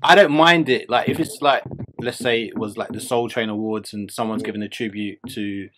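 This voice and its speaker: A man's voice: on the low side, normal speed, a crowd in the background. A man co-hosting a casual podcast chat, blunt and firm in his opinions. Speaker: podcast co-host.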